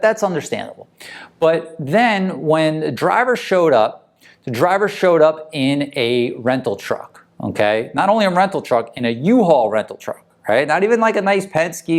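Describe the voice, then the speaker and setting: A man coaching moving company owners in a casual motivational talk, talking conversationally and often checking in with the listener. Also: a little high. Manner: conversational, tag questions.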